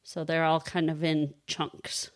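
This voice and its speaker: A woman's voice: sits low, flat delivery, a little slow, clear, resonant tone, dry recording. Chatty woman telling stories, dry sound. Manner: chatty storyteller who laughs often. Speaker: podcast co-host and kindergarten reading teacher. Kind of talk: casual chat.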